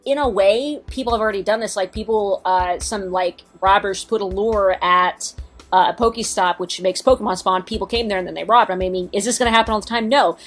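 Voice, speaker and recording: A woman's voice: mid-range voice, fairly quick, soft background music. Chatty, swearing woman podcast co-host. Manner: chatty, swears freely, trails off in fillers. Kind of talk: casual chat.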